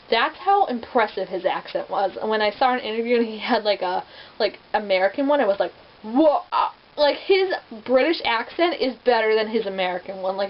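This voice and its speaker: A young woman reviewing movie adaptations in a casual vlog, chatty and rambling, full of "like" fillers. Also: fairly high pitch. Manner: chatty, rambling, heavy use of "like". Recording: dull lo-fi with faint hiss.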